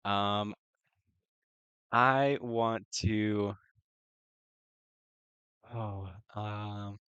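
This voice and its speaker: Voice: low voice, steady tone, drawn-out words, fairly bright tone, smooth, no room sound, lo-fi sound. A player in a tabletop game who talks hesitantly with many fillers and laughs often. The recording is dry, with no room sound.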